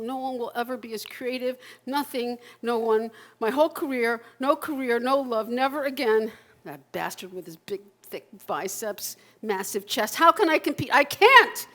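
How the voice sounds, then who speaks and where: A woman in her sixties performing an autobiographical one-person stage monologue, raw and emotional, with halting repetitions and bursts of swearing. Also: a little high. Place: live performance at a community center.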